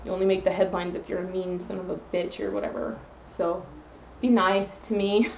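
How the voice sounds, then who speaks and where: A woman's voice: mid-range voice, level tone, moderate pace, creaky, darkish tone, reverberant, slight background noise, low-quality recording. Earnest woman podcasting on her phone. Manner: earnest, rambling with self-affirmations. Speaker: podcast host. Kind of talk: solo podcast monologue.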